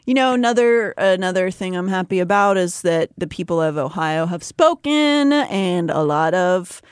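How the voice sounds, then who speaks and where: A woman's voice: lowish voice, expressive, moderate pace, clean tone, no echo, studio quality. A woman co-hosting a podcast in casual, opinionated chat, laughing easily. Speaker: podcast co-host.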